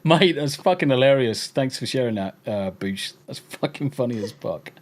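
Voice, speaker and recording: This is casual chat from an English podcast host who reads his chat and jokes with it, laughing and swearing freely. He speaks at a moderate pace in a medium-pitched, animated voice.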